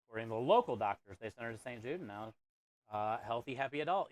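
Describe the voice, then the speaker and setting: His delivery is animated and fast, in a medium-pitched voice with no echo. The man runs a live cooking stream in a kitchen or food truck, reading comments aloud and chatting with viewers he calls "bro" and "dude" in a relaxed, friendly manner.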